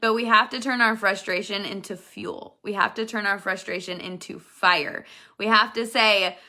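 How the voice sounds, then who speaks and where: A woman's voice: mid-range voice, normal speed, pushed and bright. A woman in her thirties giving her business team an earnest, emphatic motivational talk, repeating her key points. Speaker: network marketing team leader.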